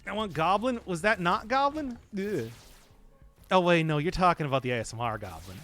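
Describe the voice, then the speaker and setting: A man's voice: high voice, animated, a little fast, a bit bright, faint music behind. Jokey, rambling male game streamer. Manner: jokey, rambling, chatting with viewers. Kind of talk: casual gaming stream chat.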